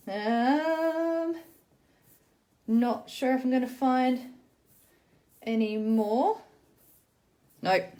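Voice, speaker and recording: A woman's voice: on the high side, a little mellow. Woman sounding out words as she teaches. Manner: sounds out words slowly, then explains briskly. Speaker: teacher demonstrating literacy games. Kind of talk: casual tutorial demonstration.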